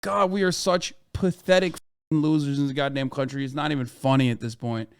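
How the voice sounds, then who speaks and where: A man's voice: medium pitch, steady tone, a little fast, gravelly, smooth, no echo, clean studio sound. An American man streaming a reaction to the news, ranting in an exasperated, profane way. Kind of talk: livestream reaction commentary.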